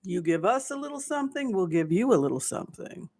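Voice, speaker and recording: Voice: mid-range voice, very animated, quick pace, creaky, a little mellow. A livestream host voicing a sly, polite British official who offers tea and asks for a favour. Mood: sly, courteous. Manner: mock-courteous, wheedling.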